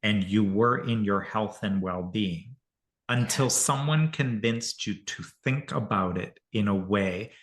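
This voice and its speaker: A man's voice: fairly low pitch, a little slow. A man hosting a conversation who earnestly explains ideas. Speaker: podcast host. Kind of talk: reflective conversation.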